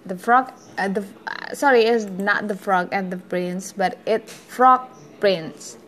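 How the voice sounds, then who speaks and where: A woman reading a fairy tale aloud, halting and correcting herself as she goes. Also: mid-range voice, fairly bright tone. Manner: halting, with frequent self-corrections. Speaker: storyteller.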